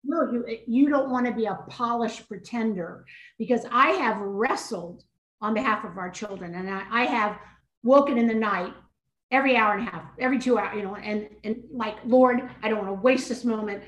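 Animated older woman telling a story. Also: a little high, normal speed. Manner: expressive, acts out her own inner dialogue. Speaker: podcast guest. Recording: echoey room.

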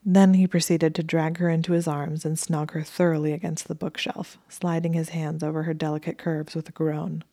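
A woman narrating romance fiction aloud in a soft, intimate, even storytelling manner. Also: sits low, normal speed, few pauses, dry recording. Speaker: audiobook narrator.

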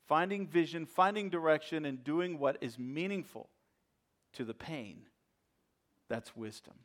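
A male pastor preaching a sermon in a church, swinging from loud emphasis to hushed asides and repeating phrases for weight. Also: fairly high pitch, unhurried, pauses often.

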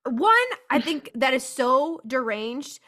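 A woman hosting a podcast, talking casually and reacting with animated disbelief to her guest. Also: sits high, takes it slowly. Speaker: podcast host.

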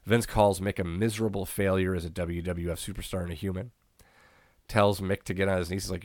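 A man's voice: low-pitched, fairly even intonation, a little fast, darkish tone, no echo. A man co-hosting a podcast, recapping old wrestling shows in a laid-back, profane way and laughing often. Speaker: podcast co-host. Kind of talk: casual wrestling recap chat.

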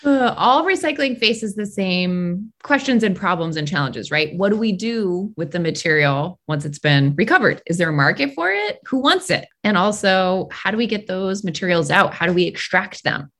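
A woman co-hosting a podcast in casual, expressive chat, often incredulous. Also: on the low side, normal speed, few pauses. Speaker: podcast co-host.

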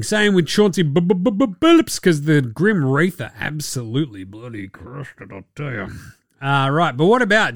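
A man with an Australian accent hosting a sports podcast, ranting casually with animated, mocking and sweary banter. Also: medium pitch, no echo, studio quality.

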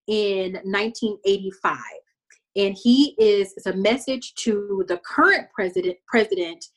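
امرأة من تكساس تقدم بودكاست بحماس. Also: female voice, mid-range voice. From Texas. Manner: animated, detailed retelling with many fillers. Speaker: podcast host recapping a TV show. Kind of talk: casual chat.

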